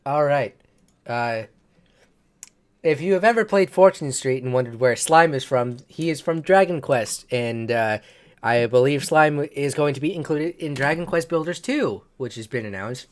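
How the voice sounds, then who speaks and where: A man's voice: mid-range voice, lively intonation, normal speed. A man hosting a casual game-news podcast, rambling and correcting himself as he goes. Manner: rambling, self-correcting, chuckles at own slips. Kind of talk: casual chat.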